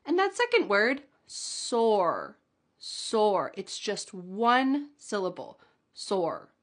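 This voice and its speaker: A woman teaching English pronunciation, enunciating each demonstration word slowly and clearly and laughing lightly now and then. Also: mid-range voice, big pitch swings, fairly bright tone. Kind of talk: pronunciation lesson.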